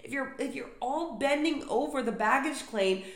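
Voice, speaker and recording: A woman's voice: high-pitched, animated, normal speed. A young adult woman hosting a podcast, delivering a comedic solo rant full of profane, exasperated complaints. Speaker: podcast host. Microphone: podcast microphone. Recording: roomy echo.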